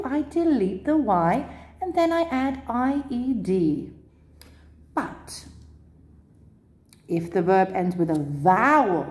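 A woman teaching an English spelling lesson, explaining the rules patiently and clearly with lively emphasis. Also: on the low side. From Cyprus. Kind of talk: grammar lesson.

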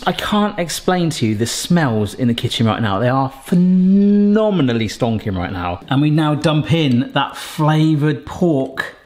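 A British man talks through his cooking, animated and chatty, his voice leaping up and down as he tastes and reacts. His pitch sits a little high for a man. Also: unhurried, few pauses. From Britain. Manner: enthusiastic, chatty, exclamatory while tasting. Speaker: cooking vlogger. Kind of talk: casual cooking vlog.

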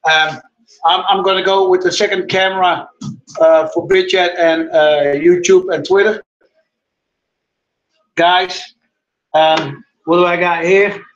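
A man's voice: high voice, fairly even intonation, takes it slowly, pauses often, muffled recording. A middle-aged man, hosting a casual live cooking stream and chatting to viewers in a rambling way. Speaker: cooking show host. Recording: echoey room, mic far off.

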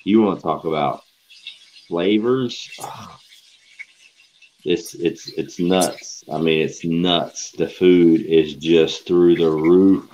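A man's voice: low voice, takes it slowly, long pauses, mellow, a little hiss or hum. A man co-hosting a casual live stream, easygoing, often repeating and stammering. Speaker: co-host. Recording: dull lo-fi sound.

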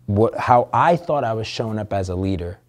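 A man's voice: on the low side, expressive, fairly quick. A man telling a candid personal story as an interview guest, earnest and emotional, swearing casually.

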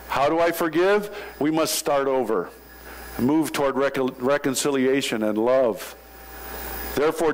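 A male pastor preaching a sermon, telling jokes and stories in an animated way. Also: a little high, rough recording. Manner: animated storytelling with joking asides. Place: church sanctuary.

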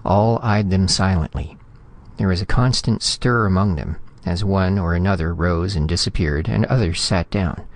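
Deep gravelly male storyteller. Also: no echo. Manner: steady, measured storytelling. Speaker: narrator. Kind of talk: scripted audiobook narration.

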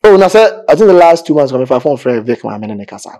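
Speaking fast in a warm tone with big pitch swings, a Ghanaian-accented man manages gospel music and is being interviewed. The casual radio-style chat moves between Twi and English, and he often sounds pleading and animated.

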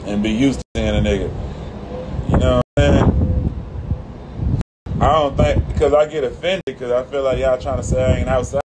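A man's voice: mid-range voice, unhurried, long pauses. A man with a Houston Texan accent, a rapper talking slangy and profane in a laid-back livestream chat from his patio. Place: outdoors on a home patio. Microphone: phone livestream. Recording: outdoor phone audio with traffic and air-conditioner noise.

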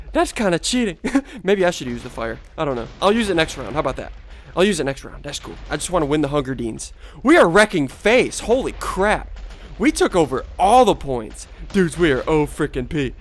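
Excitable gamer dude w a stuffy congested voice, kinda high, swoops up and down a lot while he trash-talks. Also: a little fast, slight background noise. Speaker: gaming video host. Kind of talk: live gameplay commentary.

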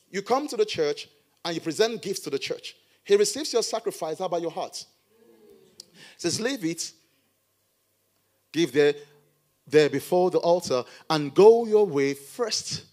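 A middle-aged man preaching a sermon as a pastor in church, animated with playful asides. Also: high voice, measured pace, long pauses.

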